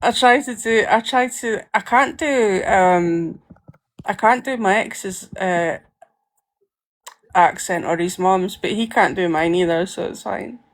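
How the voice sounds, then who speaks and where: A woman with an East Coast Scottish accent in casual chat, talking loosely with a lot of "like" and quick laughs. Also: mid-range voice. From Scotland. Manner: chatty, fillers of "like", laughs easily.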